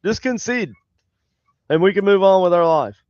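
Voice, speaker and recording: A man's voice: high voice, quick pace, a little mellow, smooth, no room sound, lo-fi sound. A man co-hosting a podcast in casual banter, argumentative, swearing often and stumbling over his words. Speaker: podcast co-host. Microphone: headphones on.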